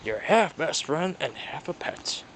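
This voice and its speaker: A man with a high, bouncing voice plays out an improvised toy story, gasping and exclaiming as he switches between characters. He talks at an unhurried pace, his pitch swinging widely from line to line. A faint hiss sits under the recording. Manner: animated, with frequent gasps and exclamations. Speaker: toy-play storyteller voicing all characters. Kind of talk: improvised toy play narration.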